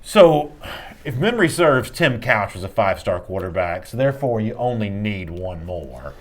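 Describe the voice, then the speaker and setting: Lively, animated sports show co-host. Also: male voice, lowish voice. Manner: animated, quick to joke about himself. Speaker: co-host answering trivia. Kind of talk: casual sports talk show banter.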